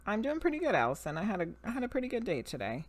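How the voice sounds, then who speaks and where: A woman with a mid-range voice and huge pitch swings races through a live stream as a medium and tarot reader. She chats casually with viewers, laughs often, greets them by name, and reads cards. There's a slight hiss or hum in the audio.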